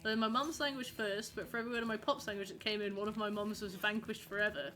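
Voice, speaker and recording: A young woman chats casually with her viewers as she streams a game, rambling and answering messages. She talks fast in a steady, mid-range, slightly bright voice, with soft music underneath.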